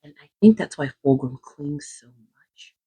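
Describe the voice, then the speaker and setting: A woman hosting her channel, retelling fantasy lore in a casual, animated and emphatic way, sometimes dropping into whispers. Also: low-pitched, unhurried, slightly rough, rough recording. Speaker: channel host.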